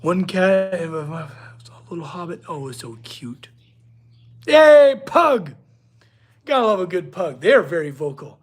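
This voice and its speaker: A man's voice: on the high side, lively intonation, normal speed, a little hiss or hum. A man hosting a casual livestream from his workshop, chatting with viewers and talking to his dog. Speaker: blacksmith livestream host.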